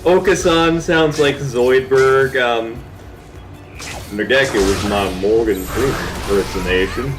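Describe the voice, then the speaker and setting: A man co-hosting a gaming stream, chatting casually and jokily, now and then slipping into quick silly voices. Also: medium pitch. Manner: animated, jokey, slips into quick silly voices. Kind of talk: casual chat. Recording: game music playing behind.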